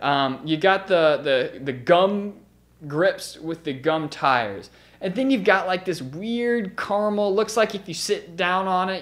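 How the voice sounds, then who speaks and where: Young male vlog host, slightly high voice, crude mocking roast humor, swears constantly. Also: fairly bright tone. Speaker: BMX channel host. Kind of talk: comedic bike roast vlog.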